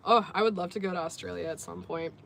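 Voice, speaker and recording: A woman's voice: on the low side, quick pace, creaky, fairly bright tone, a little hiss or hum. A woman hosting a casual livestream from a sports bar, chatting easily, laughing often and reading out viewer comments. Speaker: livestream host.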